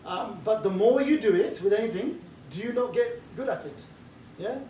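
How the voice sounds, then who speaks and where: A man giving a group briefing as an outreach trainer. He talks briskly and keeps checking in with the listeners. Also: high voice, mellow, a little hiss or hum. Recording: echoey room, mic set far off.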